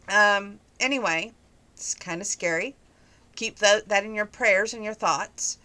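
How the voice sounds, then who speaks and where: A woman talks through her day in a relaxed, rambling vlog, leaving a story behind to chase a side thought. Her voice is bright and clear, with a touch of congestion from acting-up sinuses. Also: mid-range voice, normal speed. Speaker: vlogger. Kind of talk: casual daily vlog.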